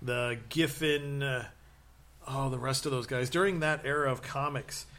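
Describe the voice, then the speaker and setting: A man's voice: mid-range voice, moderate pace. A man in casual chat, telling long stories with many fillers and restarts and acting out quotes. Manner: rambling, animated storytelling with acted-out quotes.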